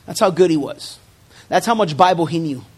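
His voice is a little high, slightly rough, brisk, and lively. Preaching a sermon to his congregation, the pastor drives points home with emphatic, rising repetitions and slips in jokes along the way.

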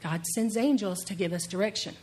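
A middle-aged woman pastor preaching a sermon, telling stories with animated energy and laughing as she goes. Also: medium pitch, fairly quick, slightly rough.

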